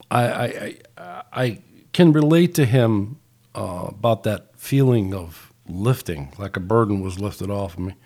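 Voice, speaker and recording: A man's voice: lowish voice, a little mellow. A man hosting a podcast, speaking in a reflective, casual way with frequent filler words. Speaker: podcast host.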